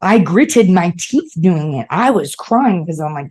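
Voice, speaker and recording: A woman podcast host with a slightly low voice, talking straight to her listeners in a loose, animated way. She swears freely, repeats herself for emphasis and keeps checking in with "okay?". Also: normal speed, hardly any pauses, slightly rough. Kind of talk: casual motivational monologue.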